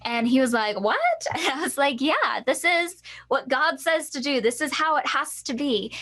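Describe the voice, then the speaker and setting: A woman with a fairly high voice co-hosts an empowerment masterclass. She tells her own story earnestly and with lively energy, speaking straight to her listeners. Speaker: empowerment coach, co-host.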